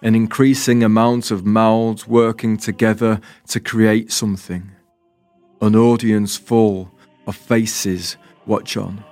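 A man narrating a poetic spoken-word story in a calm, deliberate, wistful way. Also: lowish voice, no room sound, soft background music. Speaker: writer and performer, narrator.

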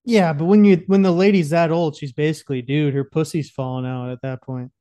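A young man co-hosts a podcast in casual chat, speaking fairly quickly with a fairly high, warm voice and a steady tone. He is crude and profane and often stumbles over his words.

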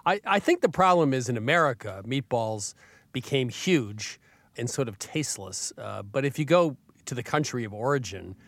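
A man's voice: mid-range voice, lively intonation, normal speed, dry recording. A man hosting a radio show, chatting casually and in a joking way, with stammered restarts. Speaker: radio host. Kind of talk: radio interview.

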